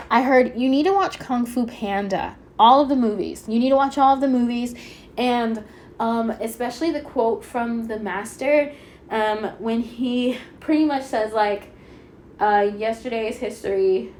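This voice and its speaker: Woman tarot reader, fairly high voice, excitable chatty delivery, slightly stuffy nose, faint background noise. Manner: chatty, excitable, fast-talking with many fillers. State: a little stuffy-nosed. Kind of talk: pick-a-card tarot reading.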